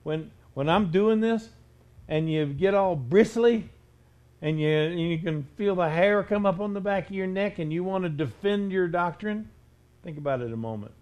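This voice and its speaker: A man's voice: sits high, normal speed, darkish tone. A male preacher delivering a stern sermon, pressing his listeners with rhetorical questions.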